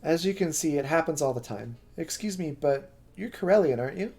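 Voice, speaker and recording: A man reading aloud and voicing a guarded, soft-spoken young woman who brushes off concern. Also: a little high, expressive, a little fast, breathy edge. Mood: wary.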